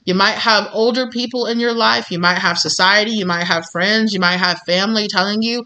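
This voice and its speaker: Woman, tarot reader, casual, encouraging, repetitive, informal, mid-pitched. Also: steady tone, a little fast, hardly any pauses, pushed and bright.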